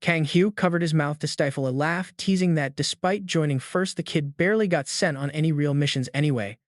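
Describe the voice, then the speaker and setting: A man narrating a comic-fantasy story recap in a brisk, dramatic storytelling manner. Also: a little high, no room sound, studio quality.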